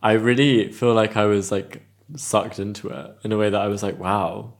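A woman's voice: rumbling low, fairly even intonation, normal speed. A woman co-hosting a podcast from London in casual chat, laid-back with dry humor. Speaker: podcast co-host.

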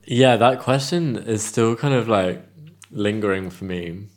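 A woman's voice: extremely low pitch, measured pace. A woman co-hosting a podcast from London in casual chat, laid-back with dry humor. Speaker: podcast co-host.

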